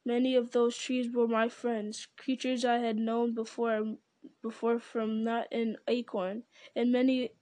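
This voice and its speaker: A woman voicing an ancient, slow and grave male tree-giant in a storybook reading, speaking in a solemn, deliberate way. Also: a little high, little pitch movement, darkish tone, dry recording, lightly acted.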